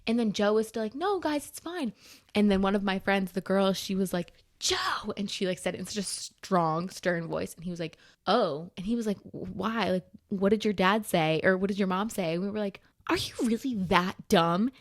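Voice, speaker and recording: A young woman co-hosting a podcast, telling a story in an animated, exasperated rush, full of "like"s. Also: medium pitch. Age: young adult. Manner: animated, rushed, exasperated retelling with many "like"s. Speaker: podcast co-host. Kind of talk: casual storytelling.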